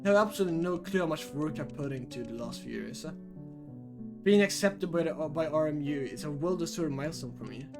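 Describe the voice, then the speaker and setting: A man's voice: expressive, a little fast, over music. A man voicing a cold, aloof young male student who speaks curtly and dismissively. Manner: curt, dismissive, lower voice.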